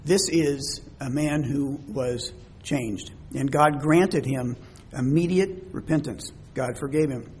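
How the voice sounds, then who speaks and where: A man's voice: medium pitch, slow pace, a little mellow, slight background noise. A man preaching a sermon to a congregation in a church hall, speaking conversationally and asking them questions.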